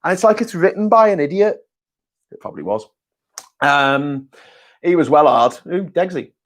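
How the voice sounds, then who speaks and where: A man's voice: fairly high pitch, expressive, moderate pace. A man, hosting a casual live chat, reading viewer messages and talking bluntly and sarcastically, with plenty of swearing. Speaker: host.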